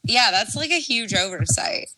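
A woman co-hosting a casual comedy podcast, speaking in a dry, sarcastic, drawn-out way. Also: fairly high pitch, sing-song, a crowd in the background, rough recording. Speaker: podcast co-host.

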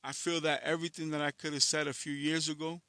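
A man's voice: fairly high pitch, level tone, quick pace, pushed and bright, dry recording. A man who is a musician, giving a blunt, profane, candid personal monologue, frustrated and reflective.

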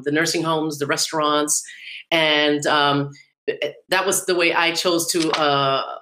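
Bright-toned low-voiced woman podcast host. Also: poor audio. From New York / New Jersey area. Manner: chatty, rambling with fillers and occasional laughs. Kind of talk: casual podcast hosting.

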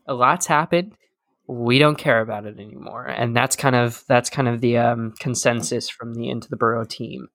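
A man's voice: medium pitch, steady tone, normal speed, a bit bright, no room sound, studio quality. A young man hosting a podcast in casual chat, talking loosely with many fillers and joking at himself. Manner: chatty, filler-heavy, self-deprecating. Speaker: podcast host.

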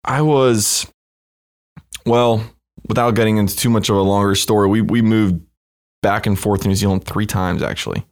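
A young man from the United States with a fairly low voice, appearing as a guest on a casual podcast. His delivery is relaxed and easygoing, and he tells his story in a loose, conversational way. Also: normal speed, smooth. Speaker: startup co-founder, podcast guest.

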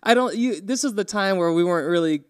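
A young man co-hosting a podcast tells a story in casual chat, talking fast in a voice that sits high. He's animated, acting out the quotes, and there's slight background noise.

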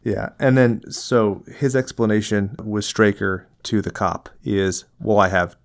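A fairly low-voiced man talks through a film in casual podcast chat. He is sarcastic and jokey and keeps slipping into quick voices for the characters. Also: creaky. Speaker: podcast co-host.

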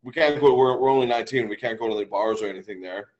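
A man's voice: on the low side, quick pace, a little mellow, muffled recording. A man from Canada, a podcast co-host, telling a rambling anecdote in casual chat and leaning heavily on "like". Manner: rambling anecdotal storytelling, lots of "like".

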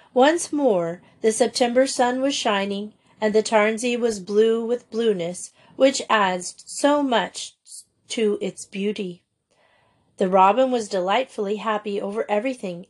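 A woman narrating a children's school story in an even, gentle reading voice. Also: medium pitch. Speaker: audiobook reader.

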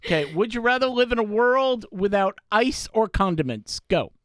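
Male podcast host, bright, dry close sound, teasing banter. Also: sits high, lively intonation, moderate pace, dry recording. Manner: teasing, runs the segments. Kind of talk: casual chat.

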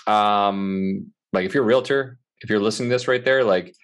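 Low-voiced energetic podcast co-host man. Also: normal speed. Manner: energetic, chatty, sales-minded sign-off. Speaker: podcast co-host, mortgage broker. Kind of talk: casual podcast talk.

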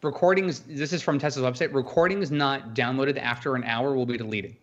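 A man co-hosting a casual podcast, explaining things in a halting way with many restarts. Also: medium pitch, dull audio. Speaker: podcast co-host.

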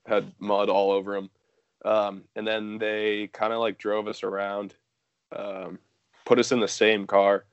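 A man's voice: fairly low pitch, level tone, a little slow, clean tone, no echo, lo-fi sound. A young man telling a story casually, rambling with lots of fillers and swearing.

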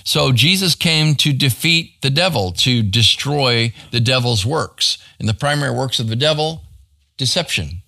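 A man's voice: medium pitch, expressive, a little slow, gravelly, pushed and bright. A man, a pastor, teaching a Bible study to a small group in a church room in a conversational way, often checking in with "right?".

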